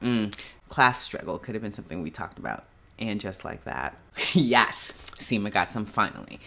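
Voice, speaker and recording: A woman's voice: very deep voice, moderate pace, creaky. Woman, casual TV review, exasperated rant, laughs between points. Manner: animated, exasperated ranting with laughs. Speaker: show reviewer. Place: at home in pajamas.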